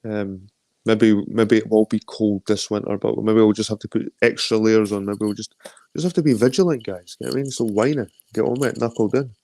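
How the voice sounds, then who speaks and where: A man's voice: on the low side, steady tone, fairly quick, darkish tone, no room sound. A Scottish man of around forty hosting a casual livestream, rambling, swearing freely and greeting viewers as he reads their comments. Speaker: livestream host.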